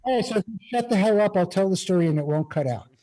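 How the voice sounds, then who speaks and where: A man's voice: high-pitched, lively intonation, fast talker, dark tone, rough recording. A man, a guest musician, chatting casually over a video call and telling rambling anecdotes full of "you know".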